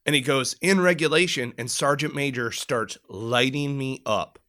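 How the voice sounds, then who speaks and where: A middle-aged man spins a rowdy military yarn on a podcast, swearing freely and throwing himself into the shouted lines of the people in it. His voice is bright and forceful. He sits at a middle pitch for a man. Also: moderate pace. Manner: profane, animated, acts out shouted quotes. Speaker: podcast co-host telling a military story. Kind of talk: casual storytelling chat.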